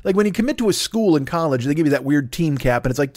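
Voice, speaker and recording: A man's voice: a little high, expressive, fast talker, darkish tone, no room sound, clean studio sound. A man in his forties hosting a comedy podcast, riffing in a rambling, profane monologue that loops back on its own bits. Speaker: podcast host.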